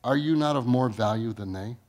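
A man preaching a sermon. He reads scripture aloud, asks the congregation questions, and swings from booming rises to low, quiet lines. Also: a little fast. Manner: preaching with sudden rises in pitch and volume, then dropping low. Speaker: pastor.

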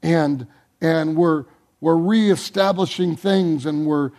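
A man pastor preaching a sermon to his church, building emphasis on repeated words and dropping low and soft at the ends of phrases. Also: slow.

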